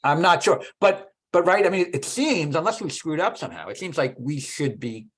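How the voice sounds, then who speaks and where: A man in casual technical conversation, thinking aloud about mathematics, with halting restarts. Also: a little high, very animated, breathy edge. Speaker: mathematician discussing research.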